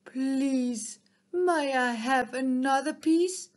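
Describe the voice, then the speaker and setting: A woman's voice: high voice, drawn-out words, a little mellow, pitched above the performer's own voice. A woman voicing a hungry male fox who politely begs for food. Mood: pleading. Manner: polite, begging. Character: hungry humble male fox, pleading father.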